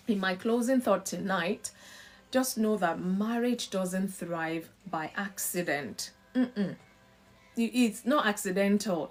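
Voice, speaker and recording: A woman hosting a live-stream marriage talk, animated and acting out the voices of family members. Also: mid-range voice. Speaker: host.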